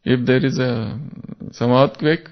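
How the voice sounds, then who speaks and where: A man delivers a spiritual class in a gravelly voice, unhurried and fond of stories. He leans on repeated key words to drive points home. The recording sounds dull and lo-fi. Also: mid-range voice, fairly even intonation. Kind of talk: spiritual talk.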